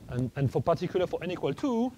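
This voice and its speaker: Guy lecturing math, stops and restarts a lot, soft mellow tone, faint hiss behind. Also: fairly high pitch, sing-song, low-quality recording. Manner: halting, many restarts and fillers, thinking aloud.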